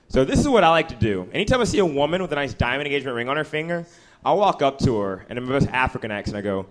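Lively young man telling stand-up jokes. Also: fairly high pitch, fast. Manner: lively, jumping into silly voices. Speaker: stand-up comedian. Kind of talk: stand-up set and interview.

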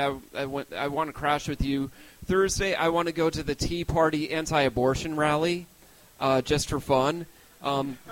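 High-pitched young male comic, self-mocking, loose rambling delivery. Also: a bit bright, poor audio. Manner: self-deprecating, rambling with restarts. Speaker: stand-up comedian. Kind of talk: stand-up set.

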